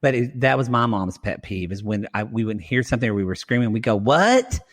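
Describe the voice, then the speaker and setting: A man's voice: fairly low pitch, fast talker. A man, co-hosting a podcast in a rambling, chatty way, addressing listeners as y'all. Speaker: podcast co-host. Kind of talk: casual chat recapping reality TV.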